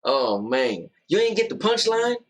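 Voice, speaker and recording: Man co-host, playful and boastful, high-ish, very lively pitch. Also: unhurried, slight background noise. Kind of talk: casual chat, joking banter.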